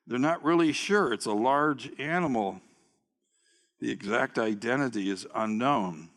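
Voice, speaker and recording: A male pastor preaching a sermon in an animated, laughing way, calling on the congregation to repeat words after him. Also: mid-range voice, big-room sound.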